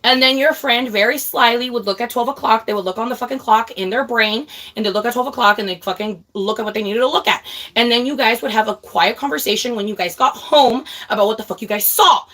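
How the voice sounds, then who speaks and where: A young woman in her twenties livestreams, chatting to her viewers in a blunt, emphatic, ranting way full of profanity and often calling them "girl." Her voice is a little high and a bit bright, and she talks fast.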